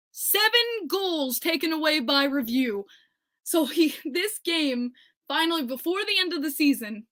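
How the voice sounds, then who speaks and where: A young woman hosting a solo podcast, recapping a game in an animated, exclamatory fan style. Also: sits high. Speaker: podcast host.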